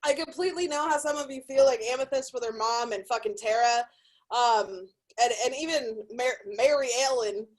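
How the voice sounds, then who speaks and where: A woman's voice: fairly high pitch, moderate pace, rough recording. A young woman doing a brash, profane, self-deprecating stand-up set. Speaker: stand-up comedian.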